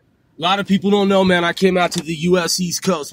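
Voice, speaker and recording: A vlogger in his forties rants to camera, boastful and trash-talking, swearing constantly and tacking "man" onto his lines. His voice is high and fairly bright, with a steady tone and a fairly quick pace.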